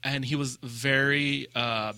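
A man co-hosting a casual gaming podcast, telling a raid story with lively acted-out quotes and laughter. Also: medium pitch, takes it slowly, clean tone, no room sound. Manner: animated storyteller, acts out quotes. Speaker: podcast co-host.

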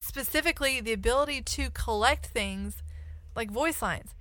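A woman's voice: a little high, normal speed, fairly bright tone, no room sound. A woman co-hosting a podcast in a casual chat, explaining ideas at length. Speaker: podcast co-host.

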